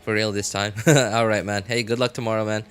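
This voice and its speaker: A man's voice: on the low side, fairly even intonation, a little fast, fairly bright tone, clear, resonant tone. A man live-streaming a game, chatting casually with his viewers, often laughing and talking straight to chat. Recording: faint music behind.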